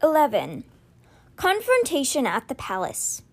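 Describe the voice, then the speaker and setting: A woman hosting a read-aloud podcast, reading a novel in an expressive storytelling manner. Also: high voice, measured pace.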